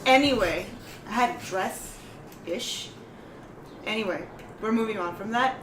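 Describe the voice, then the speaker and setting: Unhurried woman player, mid-pitched, earnest, roomy room. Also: fairly bright tone, recorded from a distance, a little hiss or hum. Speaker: player character, pack leader. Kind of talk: tabletop role-play chat.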